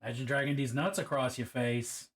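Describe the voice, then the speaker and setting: A man's voice: medium pitch, fairly even intonation, a little fast. A man chatting casually on a livestream while painting miniatures, swearing freely and reacting to viewer comments.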